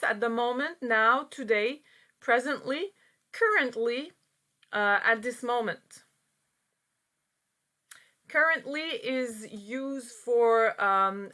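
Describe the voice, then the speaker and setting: A woman's voice: a little high, pushed and bright. A woman teaching an English grammar lesson, patiently explaining step by step with frequent fillers.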